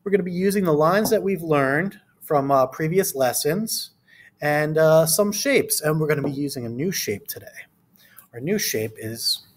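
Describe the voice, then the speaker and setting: A man's voice: on the high side, lively intonation, moderate pace, slight background noise. A man reading a picture book aloud to children, then leading a friendly art lesson with playful quiz questions. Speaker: art teacher.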